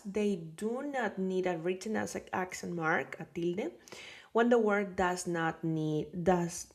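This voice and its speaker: A woman's voice: medium pitch, gravelly. A woman with a Colombian Spanish accent giving a patient beginner Spanish lesson. She repeats words and keeps checking with "right?" and "okay?". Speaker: Spanish teacher. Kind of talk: slow explanatory lesson.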